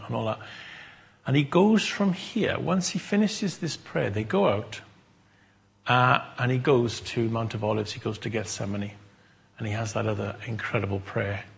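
A man preaching a sermon, halting and repeating words as he thinks aloud. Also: mid-range voice, creaky, slightly rough.

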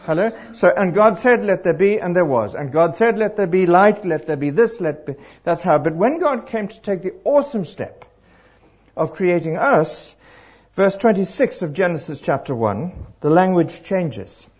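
A middle-aged man preaching to a congregation, animated and throwing questions out to the crowd. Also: sits high, moderate pace, slightly rough. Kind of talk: interactive sermon. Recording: dull lo-fi live recording.

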